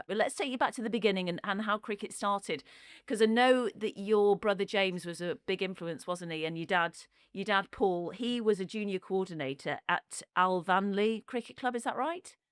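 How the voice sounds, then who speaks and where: A woman's voice: medium pitch, clean tone, dry recording, clean studio sound. A woman, hosting a podcast in a friendly, chatty way and asking follow-up questions. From Cheshire, England. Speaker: podcast host. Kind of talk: casual interview chat.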